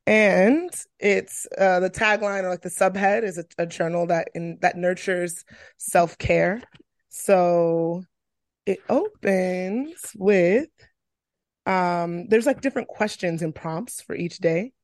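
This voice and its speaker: A woman's voice: fairly low pitch, slow pace. A young woman co-hosting a podcast in casual chat, dry and teasing. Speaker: podcast co-host.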